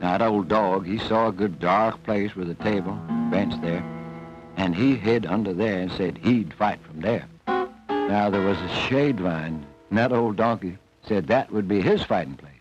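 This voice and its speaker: A man's voice: on the low side, a little slow. A man telling a folk tale in a folksy, homespun drawl, from an old film soundtrack. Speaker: storyteller. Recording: dull old film soundtrack, faint music.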